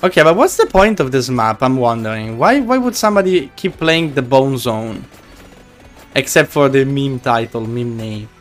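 A man's voice: mid-range voice, very animated, normal speed, soft background music. A man streaming a game live, chatting casually and teasing his viewers in a playful way.

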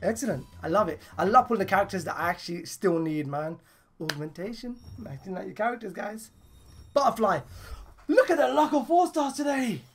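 A woman with a hoarse, partly lost voice giving casual commentary on her game pulls, excitable and bursting into laughs and shouts. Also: mid-range voice, fairly quick, soft background music. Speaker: gaming channel host.

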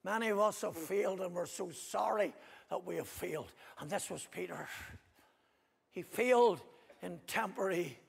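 Gravelly Northern Irish preacher, impassioned. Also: male voice, a little fast. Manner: impassioned preaching, swinging between loud cries and hushed low repetitions. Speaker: pastor. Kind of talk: sermon. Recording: long hall reverb.

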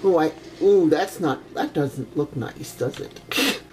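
A woman's voice: low-pitched, animated, slow pace, a little mellow, slight background noise. An older grandmother casually commenting as she plays a video game, chatty and exclamatory, with old-fashioned oaths and frequent giggles. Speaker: gaming grandmother.

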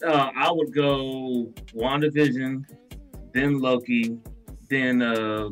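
A man's voice: mid-range voice, steady tone, slow pace, faint music behind. A man co-hosting a podcast, giving laid-back, brief answers in casual chat. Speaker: podcast co-host.

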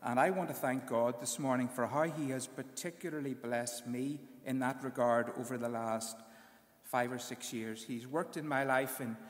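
A man with a British accent, a graduating student giving an earnest speech at his ceremony, often pausing on fillers. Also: medium pitch, echoey room, in a large hall. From United Kingdom.

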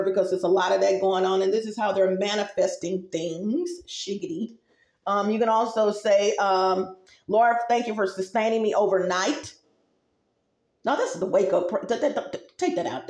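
A woman's voice: medium pitch, a little mellow, echoey room. A woman vlogger giving casual spiritual advice, chatty and rambling, talking straight to her viewers.

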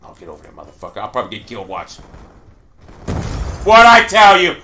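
Man gamer, angry ranting, swearing, high bright voice, lively pitch. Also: brisk. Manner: ranting, swearing, bursts into yelling. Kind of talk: angry gameplay commentary.

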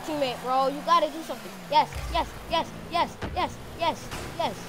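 A woman streaming a car football game live, commenting excitedly and shouting at her teammate. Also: high-pitched, normal speed, hardly any pauses, background noise.

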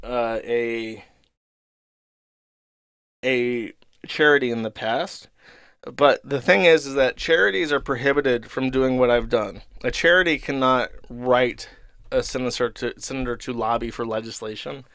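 An irritated man rants to his audience, swearing freely and getting sarcastic as he tells a story. His voice is smooth and clear, at an ordinary pitch for a man. The sound is dry and close, with no room around it. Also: measured pace, a bit bright, no room sound. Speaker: streamer host. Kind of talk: casual ranting monologue.

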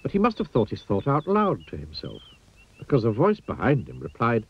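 A man narrating a children's storybook in an expressive, playful sing-song manner. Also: lowish voice, moderate pace, breathy edge, dry recording, highs cut off.

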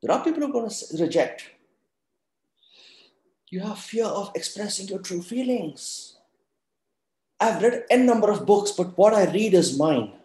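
A man's voice: high voice, lively intonation, moderate pace, long pauses, warm tone. Echoey man giving a motivational talk. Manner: emphatic, asks the audience questions. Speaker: webinar speaker.

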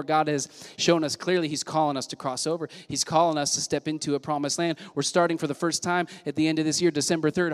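A man's voice: fairly high pitch, fairly bright tone, smooth. A male senior pastor preaching a sermon with energy, punchy repetition and call-and-response with the congregation, recorded in a church sanctuary. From Southern California. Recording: long church hall reverb.

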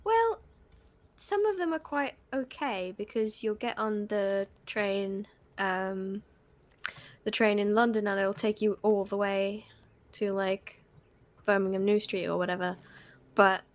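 A woman's voice: medium pitch, unhurried. A woman chatting casually with friends while playing a game, explaining things at length. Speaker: gaming stream co-player. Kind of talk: casual chat while gaming.

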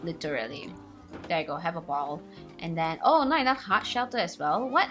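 Girl doing game commentary, super bouncy pitch, bright voice, bit of game music under it. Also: normal speed. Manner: excitable, squealing highs and gasps. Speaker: gaming channel host. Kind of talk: let's play commentary. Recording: faint game music behind.

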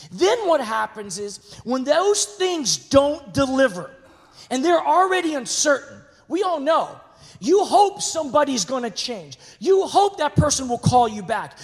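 A male pastor preaching in a large church sanctuary, his voice ringing with a long hall reverb. He is lively and animated, dropping to near whispers and then rising to shouts. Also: extremely high pitch. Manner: animated, swinging from hushed to shouting. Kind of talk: sermon.

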